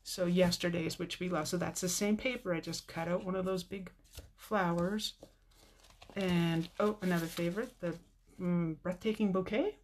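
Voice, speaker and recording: Older woman, lower voice, teary and stuffy-nosed, chatty live-stream host, faint background hiss. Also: steady tone, normal speed. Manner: chatty and tearful, reading viewer comments. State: teary, slightly stuffy nose. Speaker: card-making video host. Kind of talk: casual live-stream chat with viewers.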